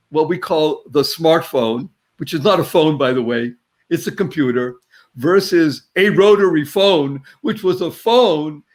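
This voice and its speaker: A man hosting an interview show, his voice sitting a touch higher than most. He keeps it chatty and jovial. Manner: chatty, jovial, laughs often. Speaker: podcast host.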